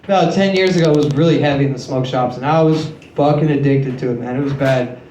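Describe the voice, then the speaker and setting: Talking fast in a medium-pitched, slightly mellow voice, a comedian in his late twenties works a club stage with a handheld mic. His stories are crude and self-mocking, with frequent swearing; the room echoes and there's slight background noise.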